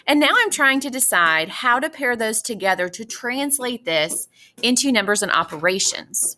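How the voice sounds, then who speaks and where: Woman teacher, fairly high, patient and encouraging classroom walkthrough. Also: animated, moderate pace, bright, forceful tone. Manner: patient, encouraging, addresses students as boys and girls. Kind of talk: classroom math lesson walkthrough.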